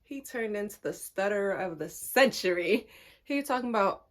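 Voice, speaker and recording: A young woman telling a personal story in casual chat, animated and laughing often, her pitch jumping up when amused. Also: normal speed, noisy background.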